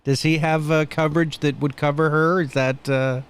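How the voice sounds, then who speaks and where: A man with a slightly higher voice hosts a loose conversation. He asks quick questions and throws in teasing remarks. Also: flat delivery, clean tone. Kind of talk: casual chat.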